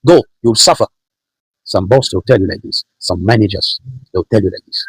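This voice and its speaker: A man's voice: deep voice, brisk, husky, no echo, rough recording. A man preaching a sermon, emphatic and repetitive, driving his points home with rhetorical questions.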